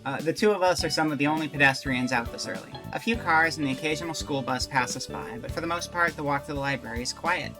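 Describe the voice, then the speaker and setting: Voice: mid-range voice, fast, hardly any pauses, over music. A streamer chatting candidly with viewers and reading a visual novel aloud, with a rambling, restart-prone way of talking. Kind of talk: casual chat and visual novel read-through.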